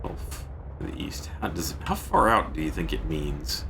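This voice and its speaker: Lively deep-voiced man streaming a game. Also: normal speed, gravelly, noisy background. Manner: chatty, reads out viewer thanks, sudden yelps; keeping his voice down. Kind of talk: casual gameplay commentary.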